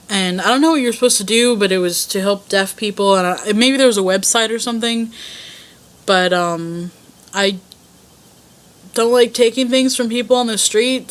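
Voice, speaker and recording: A woman's voice: mid-range voice, fairly bright tone. A young woman casually answering a voice tag, telling rambling stories in a self-conscious way. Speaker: vlogger.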